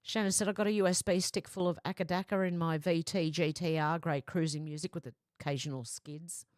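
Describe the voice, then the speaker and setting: On a live stream, a woman with a fairly low voice talks fairly quickly, reading out viewer comments in a flat, running delivery and answering them chattily with asides. The audio is clean studio sound without room noise.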